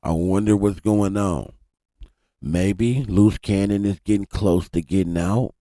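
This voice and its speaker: A low-voiced man speaks a little slowly while running a live stream. Through his desk mic, the sound is studio quality with no echo as he chats animatedly, curses freely, and addresses viewers directly.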